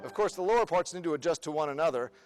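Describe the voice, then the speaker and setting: A man running a band rehearsal in a large room with a long, ringing reverb. His voice sits a bit higher than most men's as he counts the players in and sings short rhythm syllables to demonstrate. Between run-throughs he fires quick questions at the ensemble. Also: animated, over music. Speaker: band clinician.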